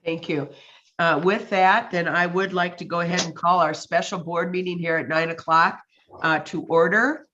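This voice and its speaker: A woman chairing a county board meeting over a video call, a bit stuffed up from allergies, chatty and quick to laugh. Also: fairly low pitch, fairly even intonation, sharp tone, lo-fi sound, a little hiss or hum. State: congested from allergies.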